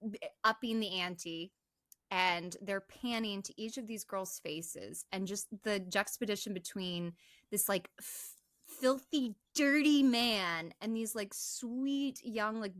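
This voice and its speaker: A woman's voice: medium pitch, no echo. A young woman co-hosting a podcast, casually retelling a movie's plot and acting out the characters' lines. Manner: animated retelling, acts out quoted lines. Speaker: podcast co-host.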